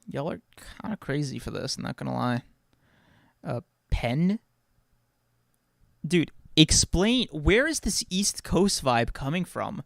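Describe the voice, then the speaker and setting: Gravelly excitable podcast guy. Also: a little high, takes it slowly, pauses often, no room sound, clean studio sound. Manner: excitable, swears a lot, stammers and repeats words. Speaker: podcast co-host. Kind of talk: casual chat reacting to live chat.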